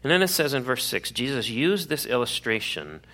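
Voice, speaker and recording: Bright-voiced man preaching a sermon. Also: medium pitch, very animated. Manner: earnest, conversational preaching with quick asides. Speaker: pastor.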